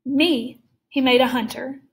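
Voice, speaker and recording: Smooth menacing old-world hunter guy, slow and courtly, read by a woman. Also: sits high, steady tone. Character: suave aristocratic male hunter, menacing.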